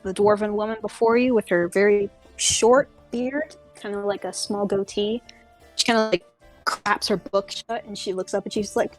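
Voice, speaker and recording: A woman's voice: mid-range voice, steady tone, normal speed, faint music behind. A young adult woman narrating a tabletop game as game master, casual and full of fillers.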